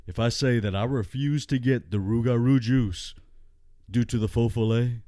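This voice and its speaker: A man's voice: mid-range voice, mellow. A man telling a comic story and ranting bluntly, with profanity. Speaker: comedic vlogger.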